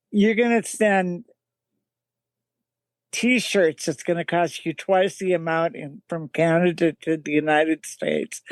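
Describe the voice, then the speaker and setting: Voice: mid-range voice, a little mellow, no room sound. A guest in a casual interview telling rambling anecdotes, with many restarts and laughs. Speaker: guest, magazine founder and band singer.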